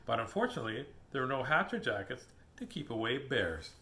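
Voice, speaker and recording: Animated man reading a picture book. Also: mid-range voice, brisk. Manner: animated, chuckling asides to the listener. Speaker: children's book reader.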